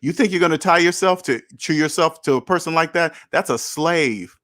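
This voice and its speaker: A man's voice: a little high, normal speed, fairly bright tone. A man in his thirties or older hosting a casual livestream, talking bluntly and preachily to viewers and swearing freely. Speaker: host. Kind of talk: casual livestream talk, reading and answering chat.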